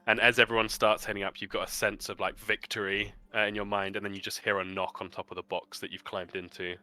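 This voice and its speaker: A man narrating as game master, lively and laughing, voicing the characters himself. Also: lowish voice, fast, faint music behind.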